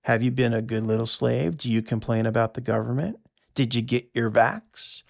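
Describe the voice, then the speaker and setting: Gravelly man ranting sarcastically. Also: medium pitch. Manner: sarcastic, emphatic, rapid asides. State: out of breath. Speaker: podcast host. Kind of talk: solo monologue reading from notes.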